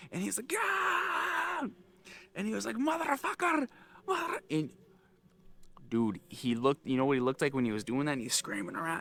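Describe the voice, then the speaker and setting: A young man casually telling a story to his viewers, acting out loud yells along the way. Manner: animated, acts out screaming with loud high yells. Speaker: vlogger.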